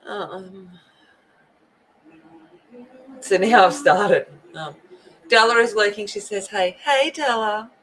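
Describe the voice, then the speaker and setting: A woman's voice: medium pitch, slow pace, long pauses, a bit bright, a little hiss or hum, low-quality recording. A woman hosting a coloring livestream, chatting casually and greeting viewers by name. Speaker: livestream host. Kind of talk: casual chat while coloring.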